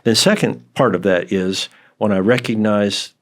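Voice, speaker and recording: A man chatting as a podcast guest, explaining in an animated, counsel-like way. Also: fairly low pitch, normal speed. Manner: animated, acts out quoted dialogue with laughs. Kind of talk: casual conversation.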